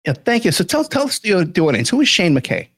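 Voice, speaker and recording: Chatty podcast host, dry sound. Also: male voice, high-pitched, huge pitch swings, a little fast, a bit bright, slightly rough, dry recording. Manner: rambling, many fillers and restarts. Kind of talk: casual interview.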